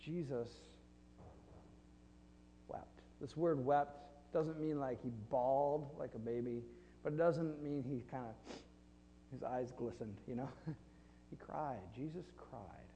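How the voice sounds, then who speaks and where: Pastor, male, mellow tone, loose and self-deprecating delivery, long room reverb. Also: medium pitch, unhurried, highs cut off, a little hiss or hum. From Flint, Michigan. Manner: conversational, self-deprecating with laughs. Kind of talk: sermon. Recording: long reverb in a large hall.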